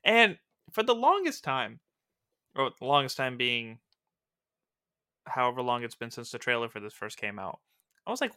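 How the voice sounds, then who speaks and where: A man co-hosting a casual fan discussion, animated and laughing often as he acts out scenes. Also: medium pitch, normal speed, long pauses, smooth, no room sound, clean studio sound. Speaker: podcast co-host.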